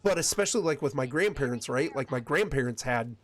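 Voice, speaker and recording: A man's voice: medium pitch, lively intonation, fairly quick, slight background noise. A man from West Michigan with a Michigan accent, chatting casually with his viewers while streaming a game, rambling and often restarting his sentences. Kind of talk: casual chat while gaming.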